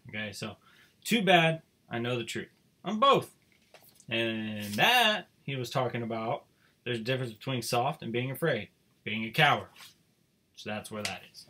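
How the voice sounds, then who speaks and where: A male teacher reading a children's book aloud to his class, with expressive storytelling. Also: mid-range voice.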